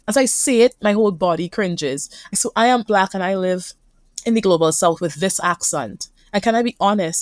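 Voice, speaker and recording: A woman with a Caribbean accent talks as a guest therapist, earnest and reflective. Her voice sits a little low and sounds dry and close, with no room around it. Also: no echo. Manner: earnest, reflective, speaks from feeling. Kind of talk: conversational interview.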